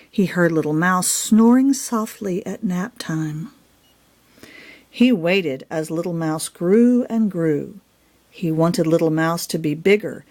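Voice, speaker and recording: A woman reading her own children's picture book aloud in an expressive storytelling manner. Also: fairly low pitch.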